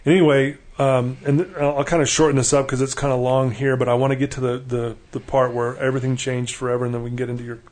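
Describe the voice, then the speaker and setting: A man's voice: mid-range voice, little pitch movement, quick pace, few pauses, darkish tone. A middle-aged man telling his life story in a casual conversation, earnestly acting out the dialogue he quotes. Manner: earnest, acts out quoted dialogue with laughing asides.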